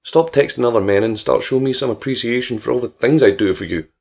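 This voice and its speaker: A man reading the part of a possessive, irritable man in an audiobook, with a sharp, reproachful delivery. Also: medium pitch, fast talker, gravelly. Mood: demanding.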